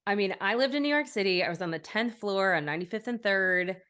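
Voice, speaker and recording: A woman's voice: medium pitch, expressive, a bit bright, smooth. A woman hosting a podcast interview, friendly and upbeat, chatting and reading her own sponsor spot. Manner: friendly, upbeat, quick affirmations. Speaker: podcast host. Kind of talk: casual interview chat.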